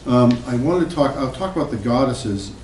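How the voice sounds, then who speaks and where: A man's voice: mid-range voice, expressive, normal speed, darkish tone, slight background noise, poor audio. A man giving a classroom lecture as a psychology professor, loose and conversational, with many fillers and asides.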